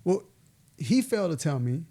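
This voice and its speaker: A man, telling stories in a casual, animated way as a podcast guest, laughing now and then. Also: a little high, normal speed, vocal fry. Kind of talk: casual storytelling interview.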